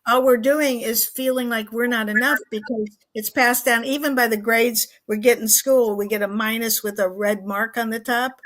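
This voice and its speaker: A woman's voice: fairly high pitch, fairly even intonation, normal speed, few pauses. A woman in her eighties, a guest on a talk show, telling a story earnestly and vividly. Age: 80s. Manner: earnest, vivid storyteller who acts out quoted lines.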